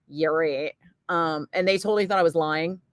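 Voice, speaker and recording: A woman's voice: fairly low pitch, fairly even intonation, fast talker, no room sound. A woman radio DJ telling a rambling story in casual on-air chat, full of filler words. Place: radio studio.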